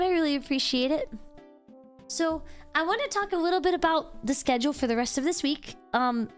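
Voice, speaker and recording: High, lively bubbly woman streamer. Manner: bubbly, squeals and sing-song greetings. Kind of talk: casual live-stream chat.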